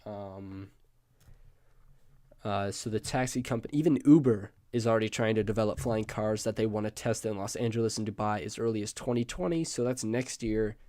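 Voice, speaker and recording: A man who is sick and hoarse gives a casual presentation on screen. He rambles, adds asides and keeps correcting himself. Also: lowish voice, normal speed, dark tone, no echo, clean studio sound. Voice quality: croaky. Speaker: student presenter.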